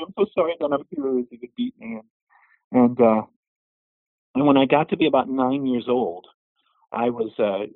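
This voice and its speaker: A man's voice: fairly low pitch, no echo. A middle-aged man earnestly recounting his personal testimony, his voice rising when he recalls prayers. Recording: muffled phone-like audio.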